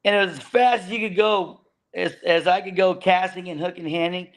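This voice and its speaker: High gravelly-voiced guy rambling through old deckhand stories, laughs a lot. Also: fairly quick. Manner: rambling, animated storyteller with frequent restarts and laughter. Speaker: guest, veteran fishing boat deckhand. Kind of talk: casual storytelling chat.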